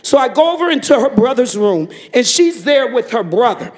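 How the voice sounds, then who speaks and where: A man giving a fervent testimony to a church congregation, telling a story and breaking into shouted praise. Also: very high voice, very animated, a little fast.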